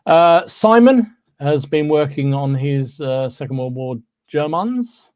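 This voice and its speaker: A man's voice: a little high, expressive, slow, a little mellow, no room sound. Man, podcast co-host, casual chat, filler-heavy, dry close sound. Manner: chatty, full of fillers and "there you go".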